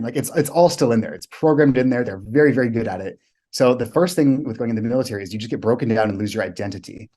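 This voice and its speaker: Speaking at a quick pace with a fairly low pitch and warm tone, an American coach guesting on a podcast tells stories emphatically and vividly, using blunt swear words.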